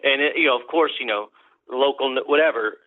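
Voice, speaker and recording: A man's voice: medium pitch, a little fast, dry recording. A man, a country musician guest, telling rambling, profane stories in a casual interview. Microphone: phone call. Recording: tinny phone line, dry.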